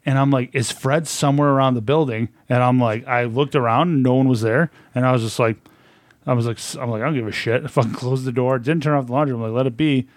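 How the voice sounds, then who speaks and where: Male co-host, mid-pitched, profane and animated storyteller, dry booth mic. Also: fast talker, dry recording. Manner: profane, animated, quotes others in high put-on voices. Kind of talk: casual storytelling chat.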